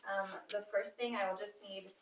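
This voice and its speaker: A woman on staff giving a steady report to a city council at a meeting, plain-spoken and methodical, with frequent fillers. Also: medium pitch, moderate pace. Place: council chamber. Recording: echoey room, distant mic, background noise.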